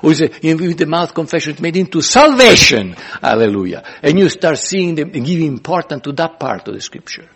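A man's voice: on the high side, animated, brisk, vocal fry, hardly any pauses, darkish tone, slightly rough. A man pastor teaching a sermon in an earnest, repetitive way, often restarting phrases.

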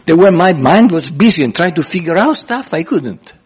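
A man's voice: fairly high pitch, sing-song, normal speed, breathy edge. A man pastor teaching a sermon in an earnest, repetitive way, often restarting phrases.

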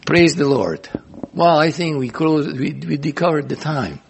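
A man's voice: on the high side, animated, a little slow, vocal fry, slight background noise. A man pastor teaching a sermon in an earnest, repetitive way, often restarting phrases.

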